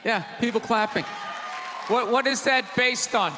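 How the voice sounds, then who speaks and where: A man doing a stand-up set on a theater stage, ranting in a loud, exasperated way into a handheld mic. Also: extremely high pitch, a little slow, crowd noise. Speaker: stand-up comedian. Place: theater stage before a live audience. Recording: live theater recording with audience noise and reverb.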